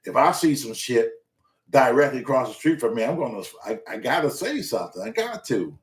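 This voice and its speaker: A man's voice: medium pitch, sing-song, a little fast, distant mic. A man hosting a talk show, telling a story in a casual, profane and emphatic way. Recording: roomy echo.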